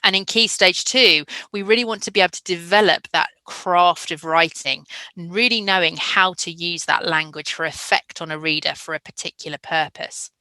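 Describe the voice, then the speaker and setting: A woman presenting to teachers at a conference, enthusiastic and emphatic. Her voice sits fairly low and bright, and the sound is dry and close. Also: moderate pace, dry recording, poor audio. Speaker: literacy education trainer.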